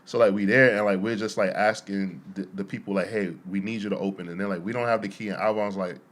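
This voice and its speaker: A man's voice: fairly low pitch, quick pace. A young man, a podcast co-host, telling stories in casual chat, laughing often and acting out what people said. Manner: animated, laughing, quotes people in voices.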